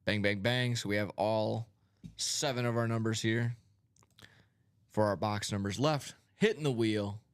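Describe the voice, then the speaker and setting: Male host of a live card break with a lowish, upbeat voice and a catchphrase-heavy, casual delivery. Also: unhurried, smooth, no echo. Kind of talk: casual live-stream banter. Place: card break room studio.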